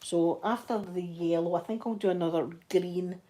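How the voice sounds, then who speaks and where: A woman's voice: fairly low pitch, fairly even intonation, normal speed, dark tone. A woman with a Glasgow accent, hosting her channel with a chatty, rambling manner and Scots words. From Scotland. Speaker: channel host. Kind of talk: casual livestream chat.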